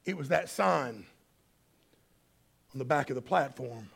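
A man preaching a sermon, telling stories dramatically and swinging between loud and hushed delivery. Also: medium pitch, moderate pace, gravelly, breathy edge. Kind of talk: sermon storytelling.

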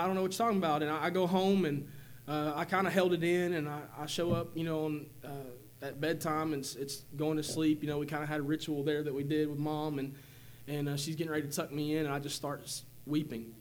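Guy in his 40s giving his testimony at church, stops and restarts a lot, slightly high voice. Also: fairly even intonation, a little hiss or hum. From Tennessee, USA. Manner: halting, many fillers and restarts. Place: church sanctuary.

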